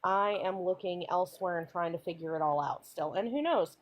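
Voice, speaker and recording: A woman's voice: on the low side, fairly quick, muffled recording. A woman from the American South, talking through her faith in a reflective, searching way. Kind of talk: casual chat.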